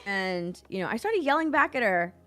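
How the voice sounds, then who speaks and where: A woman co-hosting a stream chats casually while painting, animatedly telling a story and acting out what people said. Her voice is medium-pitched and her pace moderate.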